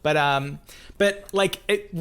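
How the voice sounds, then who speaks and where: A man's voice: fairly high pitch, takes it slowly, a bit bright, smooth. A man co-hosting a podcast in casual chat, rambling and poking fun at himself as he laughs. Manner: rambling, self-mocking, laughs often. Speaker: podcast co-host.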